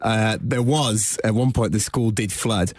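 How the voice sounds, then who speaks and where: A man's voice: lowish voice, a little slow, a little mellow, no room sound. A man co-hosting a podcast, chatting earnestly and a little defensively, often stalling and restarting his sentences. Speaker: podcast co-host. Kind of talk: casual chat.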